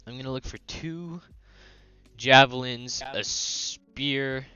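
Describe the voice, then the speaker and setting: A man playing a tabletop game, calmly describing his own moves. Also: medium pitch, takes it slowly. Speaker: player. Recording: dull lo-fi mic.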